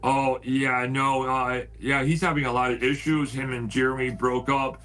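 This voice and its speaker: Excitable man retelling a feud on a call. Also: medium pitch, normal speed, poor audio. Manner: excitable, repeats "I said", swears when heated. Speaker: paranormal house owner telling a story. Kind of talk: casual storytelling on a video call.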